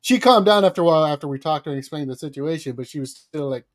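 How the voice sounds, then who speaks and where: High-voiced man greeting the chat. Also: very fast. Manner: cheerfully greets chat viewers by name. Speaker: livestream co-host. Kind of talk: casual livestream chat.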